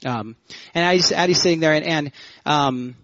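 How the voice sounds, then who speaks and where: A man's voice: a little high, moderate pace. A man in his thirties, a worship pastor, telling funny stories in a sermon and bantering with the congregation. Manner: animated, joking, audience banter. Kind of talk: humorous sermon storytelling. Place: church sanctuary. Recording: muffled church hall reverb.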